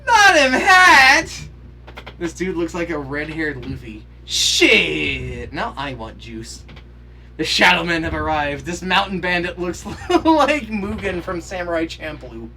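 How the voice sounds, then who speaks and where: A man's voice: on the high side, lively intonation, unhurried, sharp tone, a little hiss or hum. A man on a podcast reading out his joking reactions to a show. He is sarcastic, swears freely and breaks into bursts of mock outrage. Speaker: podcast co-host. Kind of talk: reading out humorous episode reactions. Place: podcast studio.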